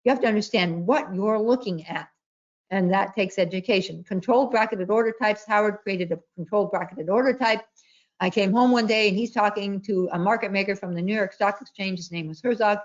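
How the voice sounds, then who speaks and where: A woman's voice: medium pitch, a little fast. A woman trading educator giving an emphatic webinar presentation, repeating her key points and telling stories. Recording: dull lo-fi webinar audio.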